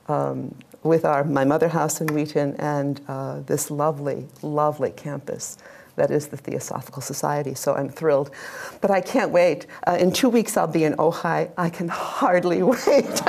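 Gravelly-voiced woman giving a lively lecture. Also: sits low. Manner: warm, chatty, laughs often, asks the audience questions. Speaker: lecturer, religious sister. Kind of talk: live public lecture with slides. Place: lecture hall with a live audience.

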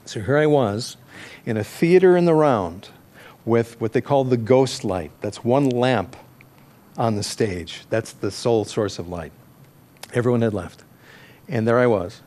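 A man's voice: mid-range voice, a little slow, mellow. A middle-aged man telling a personal story in a candid, self-deprecating way, often correcting himself and laughing at his own words. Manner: restarts and corrects himself mid-sentence.

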